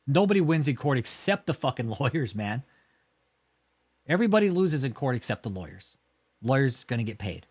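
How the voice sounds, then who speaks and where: A man's voice: medium pitch, normal speed, long pauses, no echo. A man hosting a livestream, mocking and swearing as he reacts to video clips. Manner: mocking, profane, lively. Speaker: livestream host. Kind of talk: profane commentary over video clips.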